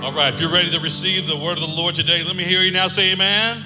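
A man preaching a sermon as pastor, energetic and calling for responses from the congregation. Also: sits high, quick pace, over loud music. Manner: energetic, calls for audience responses. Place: large church hall. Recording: long hall reverb.

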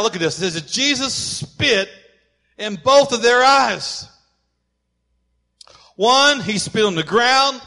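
A man with a high, bright voice preaches a sermon. He presses his points hard, rising to shouts, and drops in playful asides along the way. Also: long reverb tail. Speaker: pastor.

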